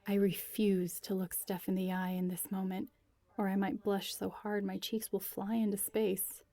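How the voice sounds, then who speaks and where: Gravelly woman reading a story intimately. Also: mid-range voice, level tone, normal speed, dark tone, no echo. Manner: intimate, often near a whisper. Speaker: narrator. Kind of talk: first-person story reading.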